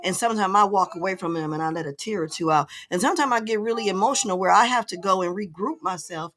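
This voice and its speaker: An older woman hosting a talk show, speaking in an earnest, heartfelt way and slowing down on emotional points. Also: mid-range voice, fairly bright tone. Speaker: host. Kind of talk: casual talk show chat.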